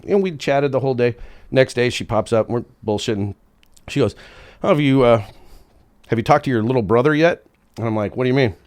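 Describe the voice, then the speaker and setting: A man's voice: mid-range voice, fairly quick, long pauses, darkish tone. Laid-back, profane man telling a story. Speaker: podcast guest. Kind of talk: casual storytelling chat.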